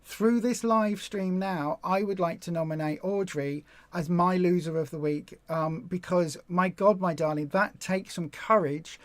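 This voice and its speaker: A woman's voice: fairly low pitch, a little slow, hardly any pauses, no echo. A woman hosting a weight loss support live stream, talking in an emotional, effusive way and repeating herself. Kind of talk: casual live stream chat.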